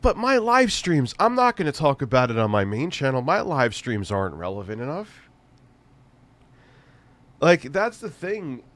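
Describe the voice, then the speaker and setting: A man hosts a casual livestream in a middle-pitched voice. He rambles, restarts his sentences, and keeps throwing in crude, profane jokes. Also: sing-song, moderate pace, long pauses, fairly bright tone, no room sound. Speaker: livestream host.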